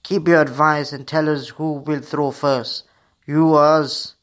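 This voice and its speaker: A man's voice: fairly high pitch, flat delivery, unhurried, fairly bright tone. A man voicing a group of magicians who defiantly declare their new faith, in a radio story for children.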